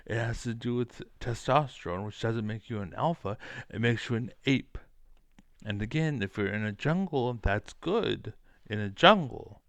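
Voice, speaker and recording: A man's voice: mid-range voice, animated, moderate pace, fairly bright tone, no echo. A man ranting casually, rambling and profane, with many fillers. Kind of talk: casual rant to camera.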